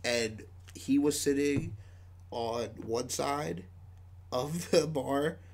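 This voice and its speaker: A man's voice: medium pitch, drawn-out words, creaky. A man, a podcast guest from a band, telling a rambling story with lots of "like"s and frequent laughs. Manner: rambling, many "like"s, laughs often. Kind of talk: casual storytelling.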